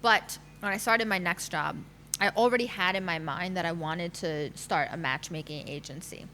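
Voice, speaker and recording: A woman in her thirties shares her personal story as a podcast guest, talking candidly with plenty of fillers. Her voice is bright and forceful. A faint hum sits under the recording. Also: fairly low pitch, normal speed. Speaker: guest, matchmaker.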